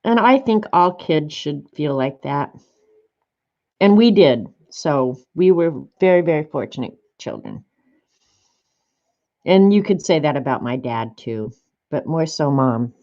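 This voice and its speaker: A woman's voice: low-pitched, expressive, measured pace, pauses often. An older woman vlogging in a casual, rambling way while she looks through old art journal pages. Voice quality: chatty, rambling, warm-hearted reminiscing. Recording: slightly dull lo-fi sound.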